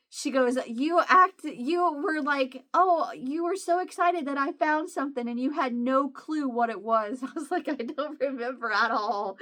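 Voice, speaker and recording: A woman's voice: medium pitch, fairly bright tone. Chatty woman telling a family story. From US Midwest. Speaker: vlogger. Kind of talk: casual chat.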